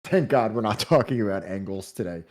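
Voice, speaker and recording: A man's voice: lowish voice, expressive, a little fast, darkish tone. A man from New Jersey hosting a podcast, chatting loosely and joking, with many fillers and restarts before discussing a book. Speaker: podcast host. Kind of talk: casual chat and book discussion.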